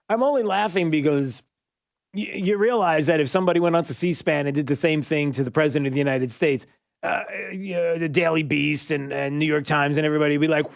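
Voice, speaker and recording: A male talk radio host giving an animated monologue full of fillers and sarcastic asides. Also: a little high, fast, vocal fry, no echo, studio quality.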